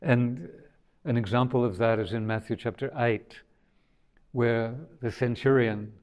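A man's voice: mid-range voice, steady tone, unhurried, a little mellow. A man preaching a sermon in a conversational, thoughtful way, often restarting his sentences.

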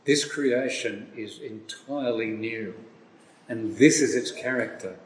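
A man preaching a sermon, reading scripture aloud slowly and with emphasis. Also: medium pitch. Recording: echoey hall with long reverb.

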